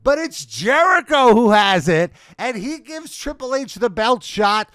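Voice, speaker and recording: A man co-hosting a wrestling review podcast in casual chat, excitable and acting out the crowd's reactions. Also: very high-pitched, unhurried, clear, resonant tone, no room sound, clean studio sound. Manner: excitable, acts out quoted reactions. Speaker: podcast co-host.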